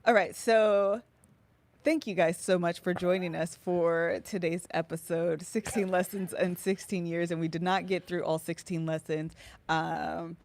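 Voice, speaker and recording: A woman's voice: fairly low pitch, fairly even intonation, a little slow, a little mellow. A woman co-hosting a podcast, talking casually and loosely on a live stream. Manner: chatty, loose and informal. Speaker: podcast co-host.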